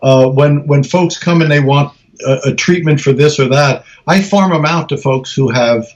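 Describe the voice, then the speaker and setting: A middle-aged man tells stories in an interview, and he sits a little high in pitch. He restarts his sentences often and speeds up as he goes. The recording is slightly dull and lo-fi. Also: normal speed. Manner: animated storyteller, many restarts, acts out quoted voices. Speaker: guest researcher. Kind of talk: conversational interview.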